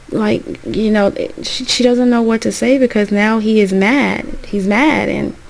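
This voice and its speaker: A woman's voice: mid-range voice, gravelly, darkish tone, poor audio. A young woman casually narrating a life-sim game story, rambling with repeats.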